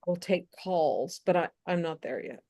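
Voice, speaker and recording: A woman's voice: on the low side, unhurried, dark tone. Frank woman co-hosting a podcast. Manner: frank, blunt, restarts often. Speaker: podcast co-host. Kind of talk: casual political chat.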